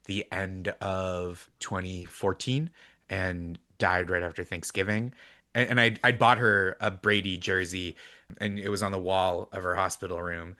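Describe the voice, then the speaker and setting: Low-voiced chatty man telling stories. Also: pushed and bright, dry recording, clean studio sound. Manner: chatty, storytelling with many fillers. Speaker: guest comedian. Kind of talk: casual podcast chat.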